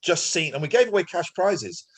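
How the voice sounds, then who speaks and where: Lively, husky-voiced man hosting. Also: on the high side. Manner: jokey, quick to tease. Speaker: host running a monthly production meeting. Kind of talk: casual group chat on a video call.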